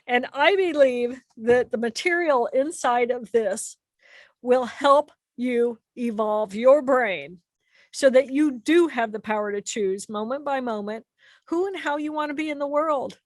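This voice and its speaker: A middle-aged woman explaining a step-by-step method for calming the mind, animated and earnest, spelling out each step letter by letter. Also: sits high, a little slow, no room sound. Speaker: author teaching a brain method. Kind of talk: explanatory talk on mindfulness steps.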